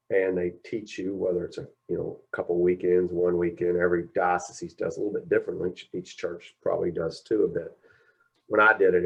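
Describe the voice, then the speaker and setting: A man's voice: low-pitched, creaky, lo-fi sound. A middle-aged man with a Kentucky accent gives a guest lecture at a mediation class as a folksy storyteller, retelling talks with lots of "I said, he goes.". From Kentucky, USA. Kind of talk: anecdotal lecture.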